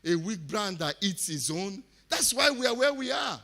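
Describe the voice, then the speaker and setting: A man from Delta State with a Nigerian accent, giving an impassioned speech at a summit, repeating phrases and swinging from quiet to loud. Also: high voice, sing-song, normal speed, creaky. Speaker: summit speaker. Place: conference hall.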